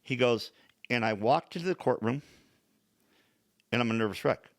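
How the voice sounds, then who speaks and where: A man's voice: medium pitch, moderate pace, no room sound. An older man hosting a podcast, chatting frankly and acting out other people's lines as he tells a story. His voice sits in an ordinary middle register, recorded close and dry with no room sound. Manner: animated, acts out quoted dialogue; blunt, frank wording. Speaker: podcast host. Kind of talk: casual storytelling chat.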